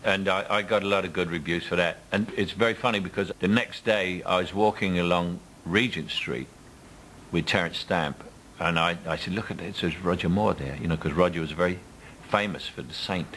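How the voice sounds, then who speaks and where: An older Cockney man with a low voice, spinning anecdotes in a relaxed interview. He drops into other people's voices whenever he quotes them. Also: moderate pace, slight background noise, poor audio. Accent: Cockney London. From England. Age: 70s. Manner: storytelling, mimics others in quotes. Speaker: interviewee actor. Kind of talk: casual anecdotal chat.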